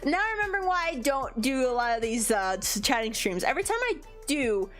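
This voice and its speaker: A woman's voice: high-pitched, very animated, a little fast, soft background music. A young woman streamer chatting casually, rambling with lots of fillers and giggles, her nose a bit congested. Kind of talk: casual chat.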